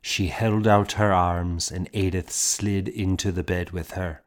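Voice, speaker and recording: Man, narrator, measured storytelling, slow, lowish pitch. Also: level tone. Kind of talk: scripted narration.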